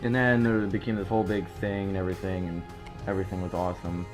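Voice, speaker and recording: A teenage boy casually telling a long, rambling story, full of fillers, who jumps into loud, high voices when quoting others. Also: level tone, fast, music in the background.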